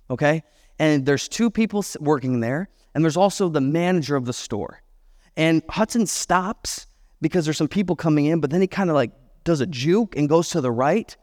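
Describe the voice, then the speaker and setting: A man's voice: a little high, lively intonation, normal speed, a little mellow. A man in his thirties, a pastor preaching a sermon and telling a self-deprecating personal story with chatty asides. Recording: long hall reverb.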